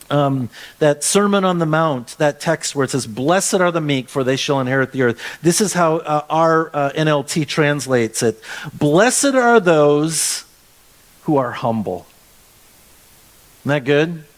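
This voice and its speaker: A man pastor preaching a sermon in a conversational way, often restarting phrases and stretching words for emphasis. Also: on the high side.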